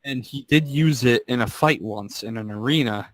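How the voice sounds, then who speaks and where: Dude rambling thru a story on a podcast, laughs at himself, dry sound. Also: male voice, medium pitch, moderate pace, fairly bright tone, no room sound. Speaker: podcast co-host. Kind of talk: casual chat.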